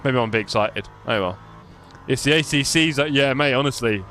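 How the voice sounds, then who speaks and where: A man's voice: mid-range voice, a little fast, pushed and bright, a little hiss or hum. A young man live-streaming sim racing, chatty and self-mocking, calling the race as he drives.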